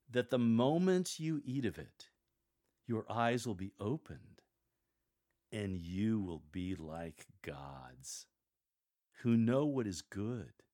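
A man reading the lines of a tempting serpent in a slow, mocking, beguiling tone with a chuckle. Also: medium pitch, warm tone.

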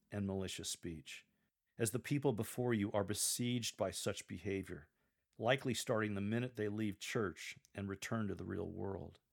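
Deliberate, low-voiced man coaching scripture reading. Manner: measured, deliberate coaching delivery. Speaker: lector coach. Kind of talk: instructional podcast narration.

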